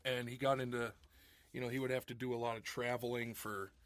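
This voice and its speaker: A man in casual podcast chat, rambling from one tangent to the next and cracking corny puns. His voice sits at an ordinary middle pitch. The sound is dry and close, with no room echo. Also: level tone, brisk. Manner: rambling, jokey, laughs at his own puns. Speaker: podcast co-host.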